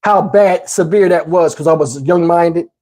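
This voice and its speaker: A man in his fifties hosting a livestream, telling a story casually and profanely, animated and rambling with many restarts. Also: on the high side, normal speed. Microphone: wearing a microphone.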